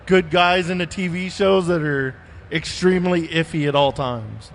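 A man's voice: on the high side, normal speed, big-room sound. A man co-hosting a casual chat, talking like an enthusiastic fan. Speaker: podcast co-host.

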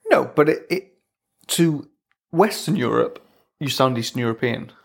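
A woman co-hosting a podcast in casual chat, blunt, teasing and quick to swear. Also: a bass voice, lively intonation, gravelly. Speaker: podcast co-host.

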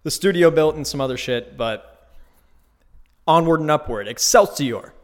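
A man hosting his own podcast, telling a trip story in a casual, profane, animated way from a new, unfurnished home studio. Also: fairly high pitch, moderate pace. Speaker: podcast host. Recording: echoey bare room.

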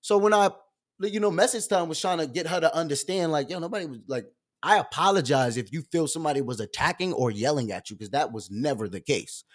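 A young man hosting a live stream, ranting with heavy slang and swinging from loud bursts to low asides. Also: fast. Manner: profane, streetwise slang. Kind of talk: animated rant on a live stream.

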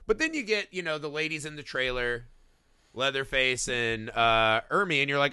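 A man co-hosting a casual movie podcast, talking in an animated, profane way and acting out scenes in goofy voices. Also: medium pitch, moderate pace, smooth, no room sound, clean studio sound. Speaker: podcast co-host. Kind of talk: casual movie-review chat.

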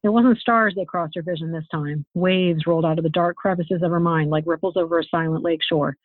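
A woman author reading her own fantasy novel aloud in a steady, expressive storytelling manner. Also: on the low side, fairly quick, dry recording. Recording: tinny phone-like, dry sound.

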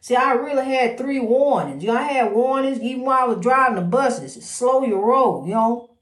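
A woman's voice: high-pitched, expressive, fairly quick. A woman hosting an inspirational program, talking spontaneously in a preachy, repetitive way and calling the listener "honey.". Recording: roomy echo.

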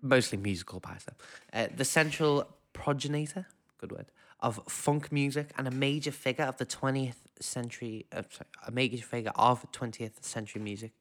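A man's voice: mid-range voice, moderate pace, few pauses, fairly bright tone. A man co-hosting a podcast in casual chat, dry and joking, laughing often. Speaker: podcast co-host.

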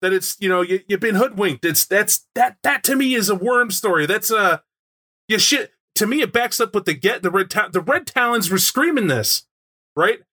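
High, bright-voiced animated man. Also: moderate pace. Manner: animated, acts out scenes with sound effects. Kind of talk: casual chat about a tabletop game.

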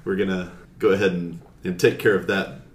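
A man with a very low voice co-hosts a casual chat podcast. He jokes in a dry way. His voice echoes in the room. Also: level tone, fairly quick. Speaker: podcast co-host.

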